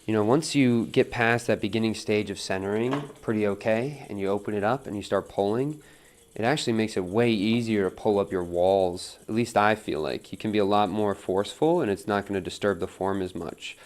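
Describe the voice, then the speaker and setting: A man giving a relaxed live pottery demonstration at the wheel, talking through each step on a wireless mic in his studio. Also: on the low side, a little fast. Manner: relaxed, talks while working at the wheel, reads chat aloud. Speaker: pottery teacher streaming a demo. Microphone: wireless transmitter mic.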